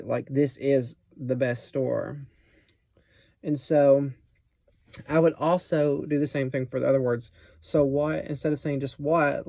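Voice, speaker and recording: A man's voice: medium pitch, creaky, dark tone, dry recording, clean studio sound. A young man presenting a teaching plan for a class in a casual, explanatory way, with many fillers and restarts.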